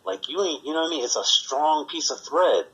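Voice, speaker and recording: A man's voice: a little high, animated, brisk, a bit bright, husky, rough recording. A man co-hosting a podcast, rambling through work stories in casual, profane chat and acting out the voices of the people in them. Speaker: podcast co-host.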